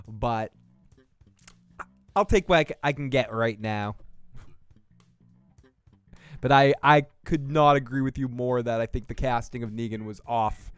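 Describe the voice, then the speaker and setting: With a clear, resonant, medium-pitched voice and no room sound, a man with a Boston accent riffs through a casual review of a TV episode. He's profane and rambling, joking throughout as the podcast host.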